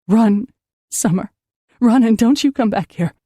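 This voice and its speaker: A woman narrator voicing a frightened middle-aged mother who talks in a low, tense hiss. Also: a little slow, mellow, no echo, clean studio sound. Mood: urgent.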